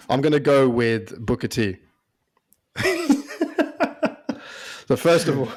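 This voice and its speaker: Brief: man, podcast co-host, lively banter, laughs a lot, medium voice. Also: mid-range voice. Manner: animated, laughs often, does quick impressions. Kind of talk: casual chat.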